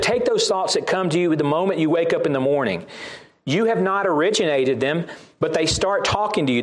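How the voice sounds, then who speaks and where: Southern guy giving a sermon, kinda high-pitched, reads verses and says stuff twice to drive it home. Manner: reads scripture aloud, repeats key phrases for emphasis. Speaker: preacher.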